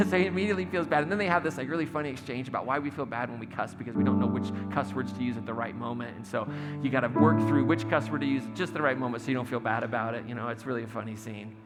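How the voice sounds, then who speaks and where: A man's voice: medium pitch, fast talker, long reverb tail, soft background music. A man preaching a sermon in a church, telling a story conversationally, acting out the quotes and laughing now and then. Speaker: pastor. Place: church sanctuary.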